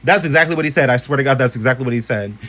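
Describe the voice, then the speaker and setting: A man tells a haunted-theater story straight to camera. He talks in a chatty, animated way and swears freely. His pitch is mid-range, but it jumps up whenever he voices his friends. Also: rapid-fire. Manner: animated, profane, chatty, swings into high voices for others.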